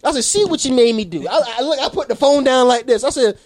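A man telling a story in casual chat, animated and swearing, acting out the people in it. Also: very high voice, quick pace, dry recording. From South Carolina. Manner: animated, swearing, mimics people in his stories.

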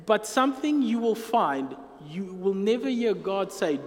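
A man's voice: sits high, very animated, a little slow, hardly any pauses. A man preaching a sermon as pastor, earnest and emphatic, drawing out key phrases. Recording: long hall reverb.

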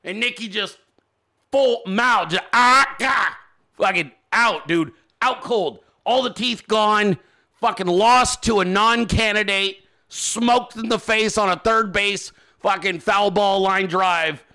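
A man hosts a political commentary show in a bright, sharp voice pitched high for a man. He rants hard, mocking his targets and swearing freely. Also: unhurried. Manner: profane, mocking, ranting. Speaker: show host.

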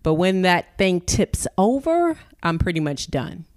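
A woman's voice: fairly low pitch, sing-song, measured pace, a little mellow, dry recording, studio quality. A woman co-hosting a radio talk show, giving blunt opinions in casual chat and acting out the people she quotes. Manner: opinionated, acts out quoted voices in her stories.

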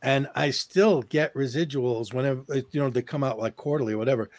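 A man's voice: medium pitch, fairly quick, heavy background noise. A man who works as an actor, chatting on a podcast and telling stories eagerly, often repeating words as he restarts his sentences. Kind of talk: casual podcast chat.

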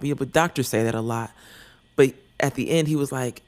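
Man, gravelly edge, mid-range voice; earnest confessional storytelling that rambles, with soft near-whispered asides. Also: medium pitch, fairly even intonation, quick pace. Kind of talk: candid personal storytelling.

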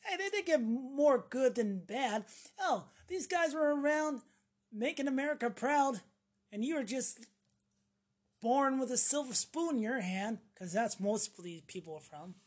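A woman's voice: high-pitched, animated, measured pace, a little mellow, breathy edge. A woman delivering a profane, sarcastic ranting monologue to camera, mocking the people she talks about. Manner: sarcastic, acts out mocking voices; swears freely. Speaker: vlogger.

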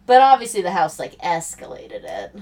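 A woman's voice: on the low side, moderate pace, recorded from a distance. A woman co-hosting a podcast, chatting casually and swearing as she recaps a film. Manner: animated, swearing, laughing, quoting characters. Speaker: podcast co-host.

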